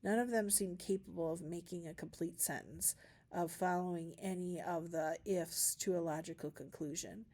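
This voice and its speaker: Low-voiced woman reading a novel aloud. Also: fairly even intonation, moderate pace, warm tone. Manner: storybook narration with small voice shifts for characters. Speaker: reader.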